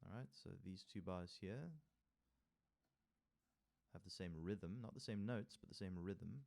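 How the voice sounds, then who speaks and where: With a deep, creaky, slightly mellow voice, a man takes his time walking through a music theory workbook. He reads the text aloud, drops in casual asides, and counts out rhythms, tapping them with sung syllables.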